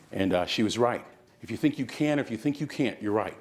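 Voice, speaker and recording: A fairly low, lively male voice moving at a quick clip. He's a motivational speaker from the San Francisco Bay Area delivering a keynote to a live conference crowd, preaching in call-and-response style.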